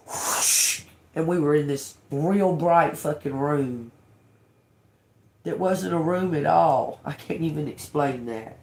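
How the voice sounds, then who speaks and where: Her voice is deep and darkish in tone, with a little hiss or hum in the audio. As a tarot reader hosting a livestream, she casually shares a personal story, drawling, cursing freely, repeating herself and laughing frequently in her frank way.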